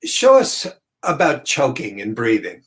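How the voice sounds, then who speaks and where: A man co-hosting a video podcast, asking slow, measured questions. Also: medium pitch, huge pitch swings. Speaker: co-host.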